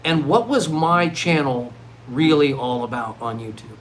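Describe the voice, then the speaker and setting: A middle-aged man vlogging live in a rambling monologue, swinging from loud, excited outbursts to low mutters. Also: unhurried, slight background noise, low-quality recording. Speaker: livestreaming vlogger.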